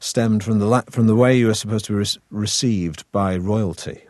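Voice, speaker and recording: A middle-aged man from Manchester with a softened northern English accent, chatting wryly as an actor in an interview, with many fillers and restarts. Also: fairly low pitch, normal speed, dry recording. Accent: northern English, softened toward received pronunciation. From Manchester, England. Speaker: actor guest. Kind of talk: relaxed conversational interview.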